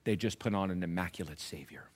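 With a deep voice, a middle-aged pastor preaches, shifting from loud calls to action to hushed, almost whispered appeals. He repeats lines emphatically and draws his stresses out slowly.

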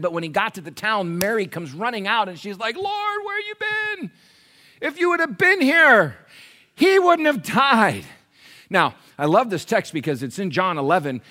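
A man preaching a sermon in a church, lively, calling out to the congregation and acting out little voices. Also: fairly high pitch. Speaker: pastor.

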